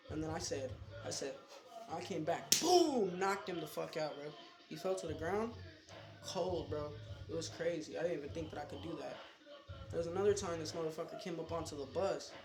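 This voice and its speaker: High-voiced rambling young man, echoey room. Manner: rambling, profane, slangy. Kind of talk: casual storytelling vlog. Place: his bedroom at home. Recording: echoey room with music behind.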